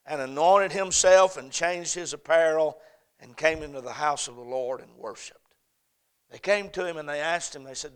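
In a high, smooth voice, a man preaches a sermon in a preaching cadence, repeating phrases and swinging from loud, emphatic peaks to soft, hushed lines.

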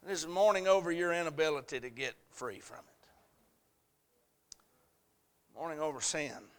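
A male pastor preaching a sermon in church, acting out voices and rising into shouted climaxes. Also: fairly high pitch, lively intonation, normal speed, clean tone. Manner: preaching with sudden shouted, tearful climaxes and dramatic quoted voices. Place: church sanctuary.

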